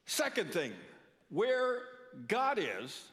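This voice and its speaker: A man's voice: sits high, wildly swooping pitch, drawn-out words, a bit bright. An older man preaching a sermon in a church, earnest, often repeating words for emphasis. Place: church sanctuary. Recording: long reverb of a church hall.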